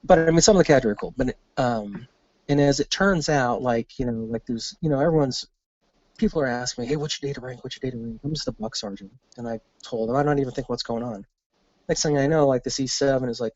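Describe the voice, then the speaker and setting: A man's voice: mid-range voice, fast talker, no echo, highs cut off. A man, an army veteran and podcast guest, telling a story casually, cursing freely and acting out the lines of the people in it. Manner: animated, profane, acts out quoted dialogue.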